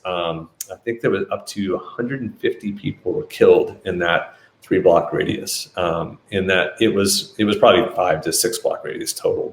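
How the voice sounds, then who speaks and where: A man telling a dramatic story in a lively way, acting out the quotes. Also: sits low, echoey room. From United States. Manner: animated, acts out quotes. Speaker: business leader telling a story. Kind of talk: storytelling talk.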